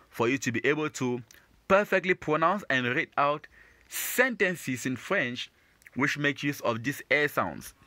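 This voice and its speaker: A man's voice: medium pitch, pushed and bright, no room sound. A man teaching beginners, patiently repeating and explaining each phrase in a lesson. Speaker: French teacher.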